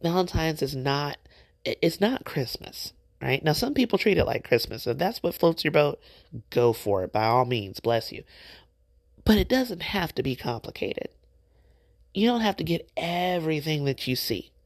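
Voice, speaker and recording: Woman podcast host, middle-aged, gravelly with vocal fry, animated faith-based exhortation. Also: sits low, moderate pace, no room sound. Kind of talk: encouraging faith-based talk.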